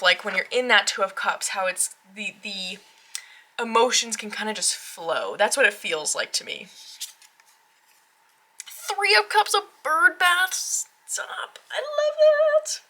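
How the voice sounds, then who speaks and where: A woman walks through a new tarot deck in her home tarot room, gushing and excitable, with gasps and filler words between her thoughts. Her voice is bright and forward, set at an ordinary middle pitch for a woman. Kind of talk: casual unboxing walkthrough.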